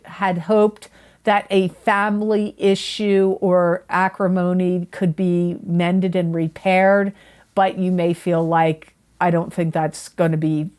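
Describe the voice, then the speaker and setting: A woman gives a monthly astrology forecast to camera, reading tarot for viewers. Her voice is lowish and a little mellow, and she's chatty and earnest, often repeating herself and correcting her own words.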